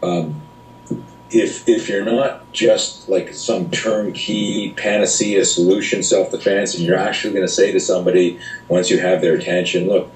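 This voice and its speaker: A middle-aged man, a self-defense instructor, telling stories in an interview, animated and blunt with some swearing, acting out the people he quotes. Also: deep voice, normal speed. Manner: animated, profane, acts out quoted voices. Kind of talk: casual interview storytelling. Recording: roomy echo, speaker off-mic, faint noise.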